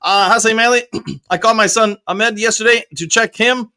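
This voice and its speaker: A male show host chatting casually on a livestream and reading viewer comments in an upbeat, chatty way, with loud whoops thrown in. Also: high-pitched, moderate pace.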